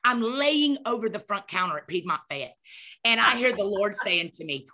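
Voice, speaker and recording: A woman's voice: on the high side, animated, moderate pace, pushed and bright. A middle-aged woman telling a story with emphatic, preacherly energy, acting out scenes as she goes. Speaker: podcast guest speaker. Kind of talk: animated storytelling.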